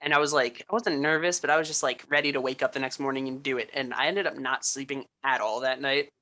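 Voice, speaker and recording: A woman's voice: a bass voice, fairly even intonation, fast, pushed and bright. A young woman telling a story in casual chat, rambling with many fillers and restarts. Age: young adult. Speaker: student co-host.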